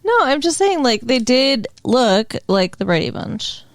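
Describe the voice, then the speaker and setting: A woman's voice: fairly high pitch, very animated, unhurried, dry recording. A woman co-hosting a casual movie review podcast, dry and unimpressed, with curt replies. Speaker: podcast co-host.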